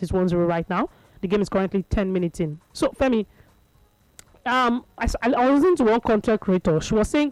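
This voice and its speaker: A Nigerian woman hosts a radio sports chat in an easygoing, gossipy way. She laughs often, drops into Pidgin and fills pauses with "uh" and "you know". Her voice sits in a middle register and sounds dry and close to the mic. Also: mid-range voice, a little mellow, no room sound, low-quality recording. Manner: chatty and laughing, mixes Pidgin, many fillers. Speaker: radio sports show host.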